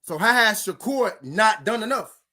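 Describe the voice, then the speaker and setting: At normal speed, this animated boxing commentator, whose pushed, bright voice sits high, rants at his viewers directly. The casual reaction is heated, repetitive and laced with swearing.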